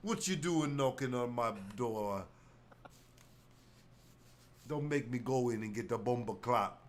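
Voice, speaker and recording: A man's voice: medium pitch, a little slow, close to an everyday voice. Guy putting on a menacing castaway, goofy fake jamaican accent. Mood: threatening.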